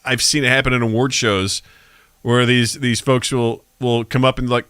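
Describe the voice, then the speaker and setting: A man's voice: medium pitch, flat delivery, moderate pace, fairly bright tone, clean tone, no room sound, studio quality. A man co-hosting a podcast in casual chat, joking around and slipping into mock voices. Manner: jokey, slips into mock voices and accents. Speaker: podcast co-host.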